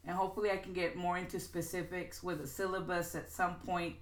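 Woman podcaster, lowish voice, loose chatty teaching, echoey room. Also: steady tone. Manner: chatty, restarts and fillers, slows to stress quoted examples. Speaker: podcast host reading and discussing a writing book. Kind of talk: informal teaching podcast, reading quotes aloud. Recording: roomy echo.

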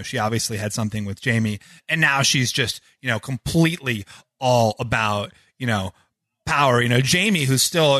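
A man's voice: mid-range voice, a bit bright, dry recording. A man talking as a guest on a casual podcast, rambling and packing his talk with "you know". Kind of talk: casual discussion of a TV episode.

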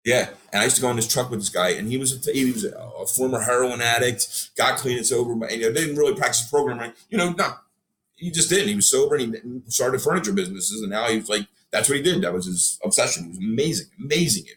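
A man telling stories as a guest on a casual podcast, animated, swearing freely and acting out what others said. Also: mid-range voice, fast talker. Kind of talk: storytelling in casual podcast chat.

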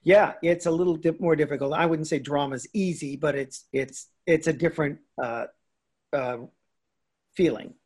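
Older man, animated storyteller, slightly high voice, casual interview chat. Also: normal speed, husky. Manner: animated storyteller, acts out quoted lines with laughs. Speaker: guest actor.

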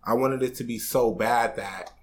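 A man's voice: mid-range voice, moderate pace, over a noisy crowd. A man in his twenties on a podcast, candidly telling a personal story in a casual, slangy way, swearing freely and getting emotional. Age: 20s.

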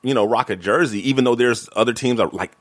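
A man's voice: mid-range voice, quick pace, no room sound. A man in his forties, co-hosting a podcast, telling loose, chatty stories and laughing often. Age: 40s. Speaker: podcast co-host. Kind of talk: casual chat.

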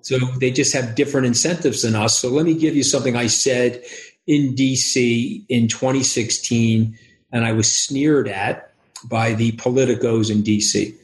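A man talks in a fast, emphatic rush, clearly wired on caffeine. His voice sounds roomy, with the echo of the room around the mic. He leans hard into rhetorical questions. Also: mid-range voice, fairly even intonation. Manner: rapid, emphatic, acts out quoted voices. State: over-caffeinated and wound up. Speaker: podcast guest. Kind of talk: animated interview talk.

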